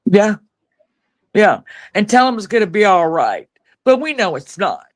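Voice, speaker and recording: A man's voice: sits high, very animated, a little slow. A man hosting a live stream discussion, impassioned, grieving and swearing freely.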